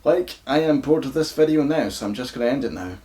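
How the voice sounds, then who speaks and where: A Scottish YouTuber with a croaky voice, casually flubbing takes and swearing at his own mistakes. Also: mid-range voice, lively intonation, a little fast, dark tone. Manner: swears freely at his own flubs, self-mocking.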